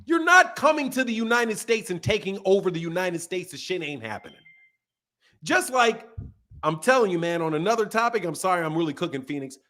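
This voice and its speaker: A man's voice: sits high, very animated, a little fast, sharp tone. A man hosting a casual podcast, ranting emphatically and swearing a lot. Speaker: boxing channel host. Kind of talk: casual profane podcast rant.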